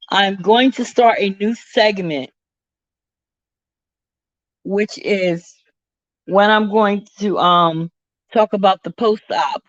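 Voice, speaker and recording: Slow-talking chatty woman live-streaming. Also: medium pitch, no echo. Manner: chatty, talks to viewers by name. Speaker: livestream host. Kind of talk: casual live-stream chat. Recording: dull, slightly lo-fi sound.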